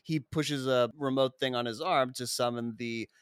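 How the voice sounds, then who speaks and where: A man's voice: mid-range voice, fairly even intonation, normal speed, clean tone, no room sound, clean studio sound. A man recapping a movie scene by scene in a casual, rambling way, swearing freely. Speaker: podcast co-host recapping a film. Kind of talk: casual profane film recap.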